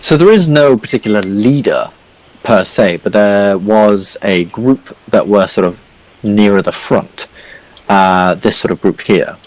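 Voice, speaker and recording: A man's voice: fairly low pitch, measured pace, rough recording. A man narrating a tabletop game as game master, rambling with lots of fillers.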